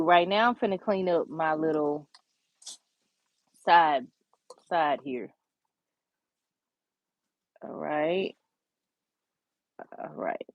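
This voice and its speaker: A woman with a deep, low voice talks viewers through a nail art design in easy, encouraging chat. She speaks straight to the audience and slips into soft whispers at the detailed steps. The sound is dull and a little lo-fi, dry and close. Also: no room sound. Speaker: nail tutorial host. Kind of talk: casual step-by-step tutorial chat.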